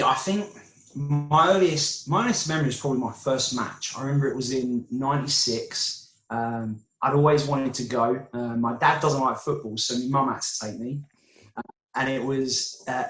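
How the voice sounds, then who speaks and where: A man's voice: mid-range voice, fairly bright tone. A man in his thirties with an English accent, a guest answering questions in an easygoing, thoughtful way with some hesitations. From England. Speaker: interview guest. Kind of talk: casual video interview. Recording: roomy echo.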